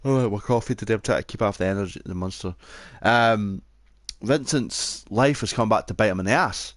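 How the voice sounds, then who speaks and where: A man's voice: lowish voice, a little fast, no room sound, clean studio sound. A young Scottish man co-hosting a podcast, in casual, sweary chat on a headset microphone. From Scotland. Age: young adult. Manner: sweary, laid-back, yawning. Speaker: podcast co-host.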